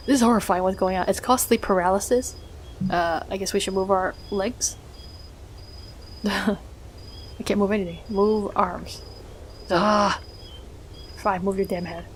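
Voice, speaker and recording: A woman's voice: mid-range voice, unhurried, long pauses, slight background noise. A woman casually commenting on a game she plays, reacting with swearing and laughter. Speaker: let's play gamer.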